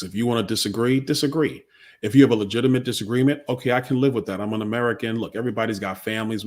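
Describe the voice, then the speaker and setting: A man who is a congressman, answering a host's questions in a blunt, conversational and emphatic way. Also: fairly low pitch. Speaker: congressman guest. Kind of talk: interview answers.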